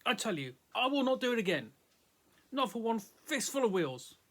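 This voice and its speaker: A man reading aloud voices a loud, boastful woman adventurer who speaks in broken, foreign-sounding grammar. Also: medium pitch, expressive, moderate pace, pitched above the performer's own voice, natural voice. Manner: yelling, emphatic.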